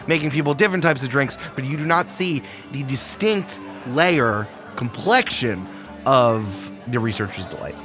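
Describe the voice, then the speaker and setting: A man's voice: medium pitch, animated, normal speed, music in the background. A man narrating a tabletop role-playing game as game master, playful and laughing often.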